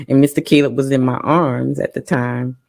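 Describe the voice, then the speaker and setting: A woman co-hosting a parents' talk show, telling a personal story in an emotional, halting way with many pauses and restarts. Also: extremely low pitch, fairly even intonation, vocal fry, darkish tone. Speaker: parent co-host. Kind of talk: casual personal testimony.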